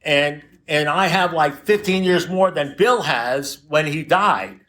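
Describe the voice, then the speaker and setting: A man's voice: fairly high pitch, slow pace, fairly bright tone. Blunt, profane man in his seventies. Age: 70s. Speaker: recovery meeting speaker. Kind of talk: recovery meeting talk. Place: recovery meeting room with a group.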